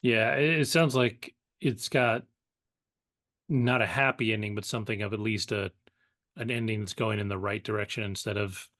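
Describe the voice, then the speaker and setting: A man co-hosting a pop culture podcast, talking in a relaxed, rambling way full of fillers. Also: fairly low pitch, normal speed, no echo, studio quality. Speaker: podcast co-host. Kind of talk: casual pop culture chat.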